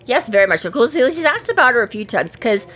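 A woman's voice: a little high, fairly quick, a little hiss or hum. A woman co-hosting a podcast, chatting casually about a book, rambling with many fillers and acting out the characters' lines. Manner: animated, acts out characters' lines. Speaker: podcast co-host.

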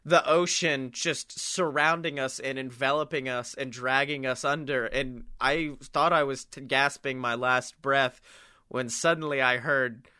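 A man co-hosting a comedy podcast, telling a story in an animated, laughing and profane way. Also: mid-range voice, measured pace, clean tone, no room sound, studio quality. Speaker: podcast co-host.

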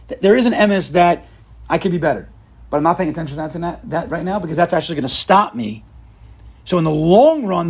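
A man's voice: on the high side, a little mellow, husky. A man giving an emphatic, repetitive Torah lecture, mixing in Hebrew and Yiddish terms. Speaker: Torah teacher.

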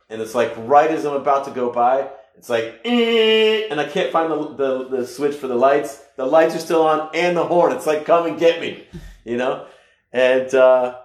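A man from the United States telling a personal story casually, rambling with halting restarts and sudden loud bursts. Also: medium pitch. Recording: echoey room.

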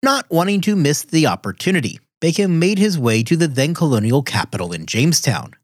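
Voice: mid-range voice, sing-song, a little fast, no echo, studio quality. A podcast host reading scripted history narration in a wry way, dropping casual asides.

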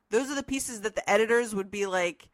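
Woman podcast host, slow rambly chat, lots of likes and you knows, dry sound. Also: medium pitch, dry recording. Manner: rambling, filler-heavy, frequent laughs. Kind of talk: casual discussion. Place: room at home with open windows.

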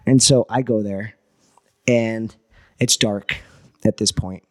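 His voice sits on the low side and he speaks slowly as a guest entrepreneur sharing a casual story. He curses, gets animated, and re-enacts what people told him.

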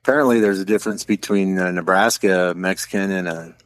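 A man from the American Midwest in a casual discussion, talking in a halting way as he searches for words. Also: sits low.

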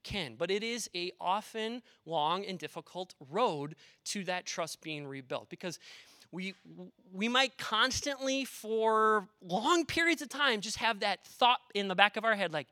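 A man's voice: sits high, animated, a little slow, sharp tone, dry recording, clean studio sound. A man, a pastor, preaching a conversational sermon in an earnest way, with personal stories and rhetorical questions.

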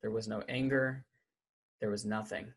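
A man as an interview guest, telling a personal story candidly, with halting speech and many restarts. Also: lowish voice, fairly even intonation, slightly rough.

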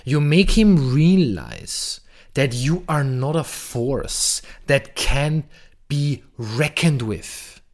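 A man's voice: mid-range voice, sing-song, very slow. A man hosting a podcast, talking bluntly and emphatically about masculinity, swearing freely. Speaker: podcast host. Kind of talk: monologue on masculinity and relationships.

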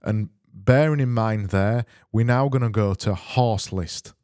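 A man's voice: fairly low pitch, a little slow, very noisy. A man hosting a comedy podcast, ranting sarcastically and swearing freely. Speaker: podcast host. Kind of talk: casual comedic podcast monologue.

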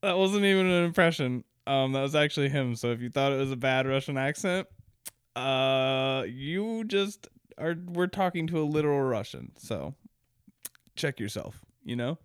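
Crude, rambling young podcast host. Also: male voice, mid-range voice, animated, moderate pace, clear, resonant tone, no room sound, clean studio sound. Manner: rambling, crude, laughs often. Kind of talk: casual solo podcast chat.

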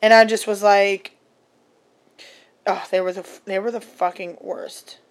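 A woman's voice: mid-range voice, fairly even intonation, unhurried. Young woman rambling thru a story, swears a lot, lots of ums, just chatting. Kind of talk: casual podcast chat.

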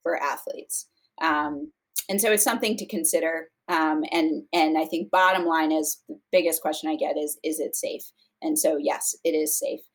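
Woman, low voice, nutrition expert guest, casual podcast chat, lots of fillers. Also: steady tone, moderate pace. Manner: explanatory, with frequent fillers and restarts. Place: podcast studio.

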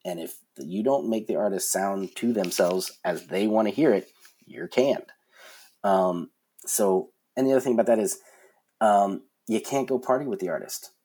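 A man in his forties tells stories as an interview guest, his voice a little husky. He talks in an animated way and restarts his sentences often, filling gaps with "um" and "like". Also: on the low side, normal speed. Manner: animated storyteller, many fillers and restarts. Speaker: concert production guest. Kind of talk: casual interview storytelling.

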